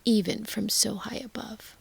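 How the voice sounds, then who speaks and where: A woman voicing a gentle but quietly possessive sorceress in a sleep story, speaking softly and firmly. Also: mid-range voice, fairly even intonation, moderate pace, gravelly, slightly rough, exaggerated voice. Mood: tender, firm. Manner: soft, caring, a little firm.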